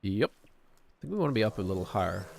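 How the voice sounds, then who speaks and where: A man's voice: fairly low pitch, sing-song, fast, gravelly, a little hiss or hum. A middle-aged man from New Zealand with a New Zealand accent, chatting casually as a streamer while gaming, rambling and correcting himself as he goes. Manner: rambling, self-correcting, chuckling.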